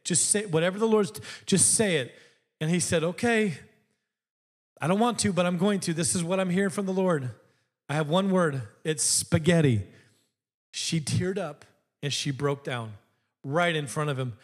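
A preacher with a high, light voice tells a story from the pulpit. He moves between humor and fervent exhortation, addressing the congregation as brothers and sisters. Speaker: pastor. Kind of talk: sermon.

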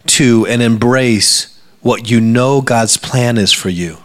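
A man in middle age preaching to his congregation in a church. He delivers the sermon with humor and animation, swinging from loud bursts to hushed, confiding asides. His voice sits at a middle pitch. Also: takes it slowly. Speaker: pastor. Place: church sanctuary before a congregation.

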